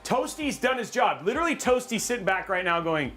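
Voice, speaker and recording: A man hosting a casual livestream, rambling and excitable, joking about himself. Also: high voice, brisk, hardly any pauses, soft background music. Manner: excitable, rambling, self-mocking. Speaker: livestream host.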